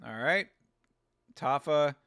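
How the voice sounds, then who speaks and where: Excitable high-voiced man yelling at a fight. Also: slow pace, smooth, no room sound, studio quality. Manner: excitable, yells at the fighters, laughs often. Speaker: host of a fight watch-along show. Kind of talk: casual live fight reaction commentary. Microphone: close to the mic.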